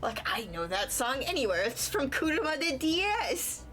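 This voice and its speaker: A woman streaming a game, reading the dialogue aloud and breaking into excited asides. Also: high voice, moderate pace. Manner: excitable, breaks into character voices.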